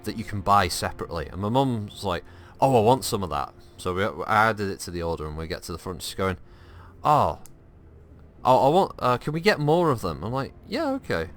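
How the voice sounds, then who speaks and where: A man giving casual, animated gaming commentary, laughing and swearing freely as he tells stories. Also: low voice. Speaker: gameplay streamer.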